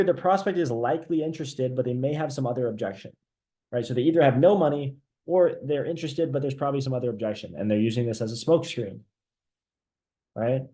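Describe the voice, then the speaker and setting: A man leading a live online sales training. He talks with energy, keeps checking in with the audience and acts out sales calls to show how they go. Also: mid-range voice. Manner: energetic, repeats "right?" often, role-plays sales calls.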